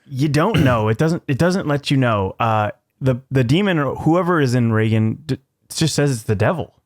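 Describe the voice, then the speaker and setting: A man co-hosting a podcast in casual chat, relaxed with brief replies. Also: mid-range voice, moderate pace, dry recording, clean studio sound. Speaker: podcast co-host.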